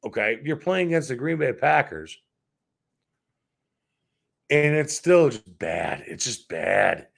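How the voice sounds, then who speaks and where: A man's voice: on the high side, vocal fry. A man hosting a sports show, ranting in a heated, profane, repetitive way.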